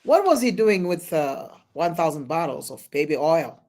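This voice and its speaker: A live-stream host reacting to news and reading out viewer chat, halting with many restarts and sudden loud exclamations. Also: medium pitch.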